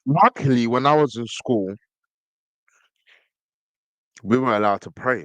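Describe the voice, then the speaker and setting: A man talks on his podcast in a casual, emphatic way. His pitch sits at a middle height, and his voice sounds close and dry, with no room echo around it. He often repeats words when he pushes a point. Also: unhurried, a bit bright. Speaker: podcast host. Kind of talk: casual commentary reading from a screen.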